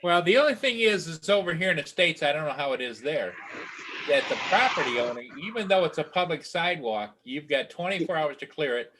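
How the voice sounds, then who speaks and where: A man's voice: on the high side, expressive, fairly quick, background noise. A man on a casual group video call, explaining things at length in a conversational way. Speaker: live chat guest.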